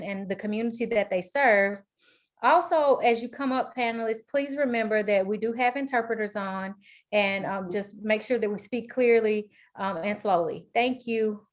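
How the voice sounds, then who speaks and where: A woman from Mississippi with a Southern accent, moderating a webinar panel in a friendly, conversational way. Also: fairly high pitch.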